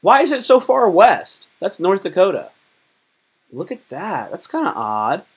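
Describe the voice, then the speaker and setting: A man's voice: sits high, huge pitch swings, measured pace, husky. A man from Virginia chatting casually on a live stream, joking and rambling in a loose, slangy way. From Virginia, United States.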